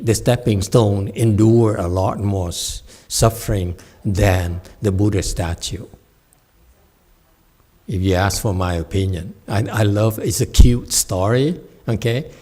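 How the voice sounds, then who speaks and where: A man's voice: on the low side, warm tone. A man teaching meditation, answering a student's question in a playful, teasing way, acting out little voices and laughing. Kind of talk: teaching talk with Q&A.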